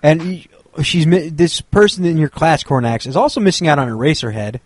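Man co-host, slightly high voice, dry close sound, rambling jokey banter. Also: expressive, fairly quick, husky, no room sound. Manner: rambling, joking, stammering restarts. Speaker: podcast co-host. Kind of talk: casual banter.

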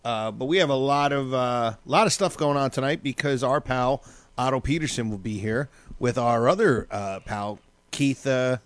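A man's voice: mid-range voice, moderate pace, no room sound. A man hosting a radio show, trading wisecracks in casual banter. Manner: wisecracking, teasing.

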